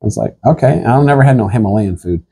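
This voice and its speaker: A man telling a rambling, animated comic story, laughing through it and acting out the people in it. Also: medium pitch, racing, breathy edge.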